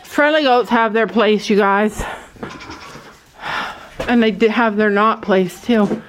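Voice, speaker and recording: A woman vlogging outdoors on a snowy farm, chatting excitedly to her viewers and often repeating herself. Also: mid-range voice, takes it slowly, pauses often, slight background noise, rough recording. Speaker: vlogger on a family homestead. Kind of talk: casual vlog talk to camera.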